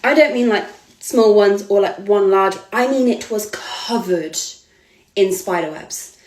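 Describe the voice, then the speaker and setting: A woman's voice: medium pitch, unhurried, darkish tone. A woman, a model giving an earnest, hesitant personal account. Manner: earnest, hesitant, with frequent ums and restarts. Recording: echoey room.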